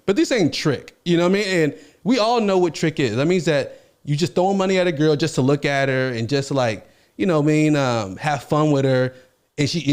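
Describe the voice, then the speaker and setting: A man hosting a podcast, telling stories casually and acting out the quotes in them. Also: on the high side. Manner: animated, acts out quotes in his stories. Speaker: podcast host. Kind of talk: casual storytelling.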